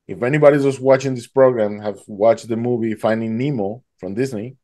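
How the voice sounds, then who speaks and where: A man tells a gripping personal story. His voice is dark and mellow at rest. It leaps much higher whenever he acts out his own panicked cries. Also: fairly quick. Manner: animated, acts out his own past voice rising high in panic. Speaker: guest telling his story. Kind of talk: emotional storytelling.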